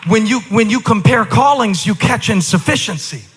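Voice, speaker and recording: A male pastor preaching emphatically, shifting from quiet asides to shouted declarations. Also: high-pitched, expressive, moderate pace, breathy edge, soft background music. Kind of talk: sermon. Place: large church auditorium. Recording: reverberant large hall.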